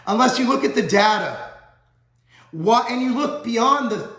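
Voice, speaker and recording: A man's voice: extremely high pitch, expressive, a little slow, fairly bright tone, reverberant, poor audio. A man who owns a supplement company, talking straight to camera in a heated, profane rant. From United States. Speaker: supplement company owner and channel host.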